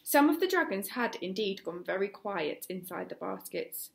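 A woman's voice: mid-range voice, moderate pace, vocal fry, few pauses. English woman reading a story aloud. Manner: expressive, with small slips and self-corrections. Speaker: teacher reading a chapter book.

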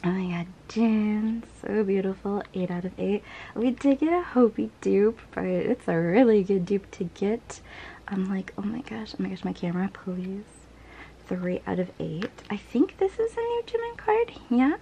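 A woman's voice: medium pitch, expressive, a little slow, a little hiss or hum. Gushing woman unboxing fan merch. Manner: gushing, breathless, swings to soft whispers and laughs. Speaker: vlogger. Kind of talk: casual unboxing chat.

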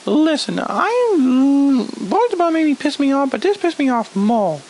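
A man's voice: extremely high pitch, sing-song, measured pace, a little mellow, a little hiss or hum, low-quality recording. A man ranting through a video review of a cartoon episode, sarcastic, exasperated and swearing often.

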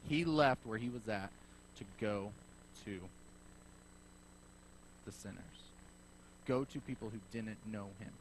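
A man preaching a sermon as pastor, telling a story in a lively way and acting out both sides of the conversation. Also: on the low side, unhurried, long pauses, slight background noise, rough recording. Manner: animated storyteller acting out dialogue.

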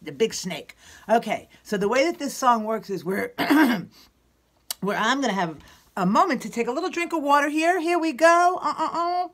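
A woman's voice: fairly high pitch, fairly bright tone. A woman teacher leading a children's sing-along at home, playful and coaxing as she gives step-by-step directions.

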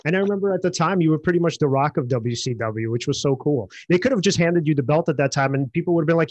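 A fast-talking, slightly high-voiced man hosts a podcast with eager enthusiasm. His sound is dry and a little dull and lo-fi. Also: darkish tone, no room sound. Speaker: podcast host. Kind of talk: casual interview chat.

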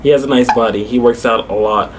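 A man's voice: mid-range voice, fairly even intonation, fast, noisy background. A young man vlogging casually, telling a story with lots of fillers and frequent laughter.

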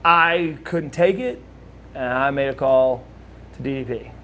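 A mid-range male voice, unhurried, with a little hiss or hum in the audio. The speaker is a forties-aged ex-wrestler animatedly telling stories in a relaxed shoot interview, acting out quoted voices.

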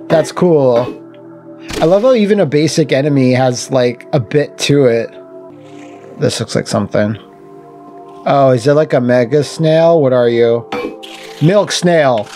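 A man's voice: mid-range voice, lively intonation, unhurried, pauses often, darkish tone, soft background music. A man casually commenting while he plays a video game, wry and jokey, swearing and talking to the enemies. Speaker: gaming channel host. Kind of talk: casual let's-play commentary.

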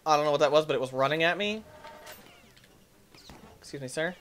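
A man hosting a gaming channel, giving playful, excitable let's-play commentary and talking back to the enemies on screen. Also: on the high side, brisk.

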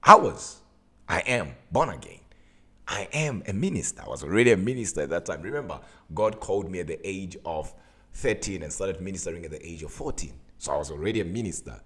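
A man, a minister, telling a personal story to his viewers in an animated, emphatic way. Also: sits low, fairly quick, slightly rough.

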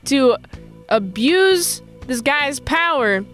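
Young woman rambling thru a tv recap, high voice, chatty. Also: animated, very slow, fairly bright tone, faint music behind. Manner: chatty, rambling, lots of fillers. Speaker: TV episode reviewer. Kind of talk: casual recap and review.

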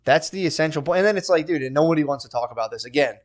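A man's voice: on the high side, lively intonation, very fast. A young man co-hosting a podcast in casual, profane banter, riffing and mimicking other people's voices. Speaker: podcast co-host.

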